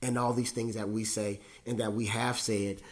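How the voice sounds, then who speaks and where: A man's voice: on the low side, little pitch movement, normal speed. A middle-aged man from the United States hosting a casual monologue, talking in a rambling, conversational way with lots of fillers and a wry, self-mocking humor. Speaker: host.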